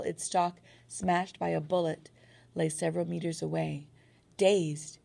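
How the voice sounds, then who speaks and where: A woman narrates a first-person war novel as an audiobook, telling the story in a steady, earnest way. Her voice is deep and gravelly.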